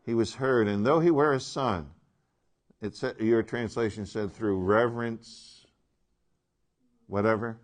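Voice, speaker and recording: Slow, emphatic male Bible teacher. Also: lowish voice. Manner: slow, emphatic, asks the class questions. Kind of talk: classroom Bible lesson.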